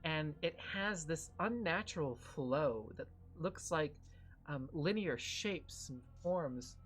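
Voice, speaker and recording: A man's voice: a little high, lively intonation, slow, fairly bright tone, soft background music. A man narrating as game master of a tabletop game, describing scenes in a meandering way with many fillers.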